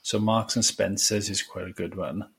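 Low husky man, chatty co-host. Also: steady tone, moderate pace, fairly bright tone. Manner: chatty, hesitant with frequent ums. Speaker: podcast co-host. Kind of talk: casual chat.

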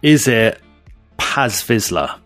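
A man's voice: medium pitch, animated, takes it slowly, a bit bright, faint music behind. A man co-hosting a casual podcast, cheerful and jokey, laughing a lot. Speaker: podcast co-host.

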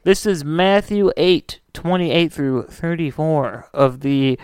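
A man's voice: a little high, slow pace, darkish tone, clean tone, no echo. A man hosting a casual podcast, rambling and joking with lots of fillers. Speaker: podcast host.

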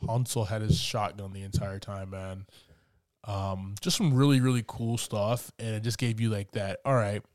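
A man's voice: fairly low pitch, fairly even intonation, moderate pace, darkish tone, dry recording, clean studio sound. A man co-hosting a casual movie review chat, laid-back and loose, tossing in "man" and fillers. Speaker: movie review podcast co-host.

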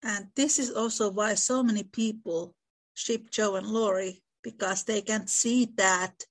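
A woman's voice: mid-range voice, fairly even intonation, unhurried. A woman hosting a casual discussion about a classic novel, thoughtful and reading passages aloud. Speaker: podcast host.

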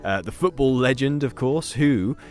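A man co-hosting a daily news round-up podcast, chatting in a lively way and laughing easily. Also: mid-range voice, normal speed, soft background music. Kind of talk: upbeat news round-up chat.

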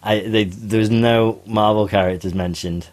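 A man's voice: on the low side, fairly even intonation, measured pace. A man co-hosting a podcast, chatting casually, teasing and enthusiastic. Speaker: podcast co-host. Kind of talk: casual chat.

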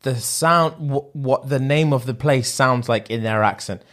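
A man's voice: mid-range voice, a little slow, fairly bright tone. A man co-hosting a podcast in casual chat, laughing often and playfully trying out accents. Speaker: podcast co-host.

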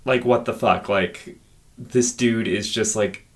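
Low-voiced man riffing on a film. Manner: animated, profane, drawn-out emphasis. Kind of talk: casual film discussion.

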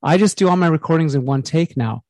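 A man's voice: fairly high pitch, fast, a little mellow, no echo. A middle-aged man coaching casually on voice, enthusiastic and rambling, speaking close to the microphone. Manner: enthusiastic, rambling, self-promoting.

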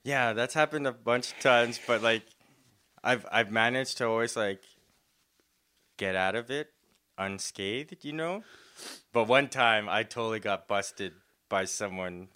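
A man's voice: fairly low pitch, a little slow, long pauses, bright, forceful tone, clear, resonant tone. A young man, a podcast co-host, telling stories in casual chat, laughing often and acting out what people said. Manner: laughs often, acts out quotes.

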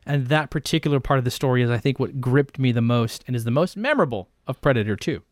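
A man co-hosting a casual film chat, animated and profane, often jumping up into high, disbelieving tones. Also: fast, no room sound, clean studio sound. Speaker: podcast co-host.

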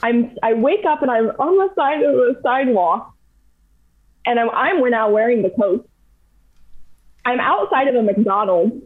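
A young adult woman telling a long story in casual, animated chat, full of fillers. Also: on the high side, normal speed. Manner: chatty, animated, heavy use of "like". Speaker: podcast guest. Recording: tinny phone-like audio.

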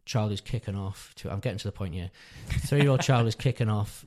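The voice is fairly low, brisk and a little mellow: a man in his thirties, a father appearing on a podcast, rambling casually through a long story from his own life. He corrects himself repeatedly, always earnest.

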